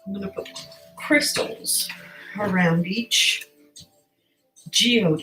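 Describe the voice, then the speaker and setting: A woman's voice: medium pitch, extremely slow, pushed and bright, faint music behind, poor audio. A woman, likely older, chatting her way through an art tutorial while hiccuping, rambling and laughing at herself. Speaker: artist. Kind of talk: casual craft tutorial.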